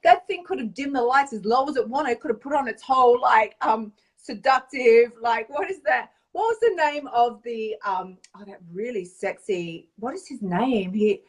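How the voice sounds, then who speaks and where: A woman weight-loss coach chatting through an animated, casual vlog monologue, often tagging lines with "right?". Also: on the high side, normal speed, hardly any pauses, distant mic. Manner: animated, chatty storyteller, tag questions.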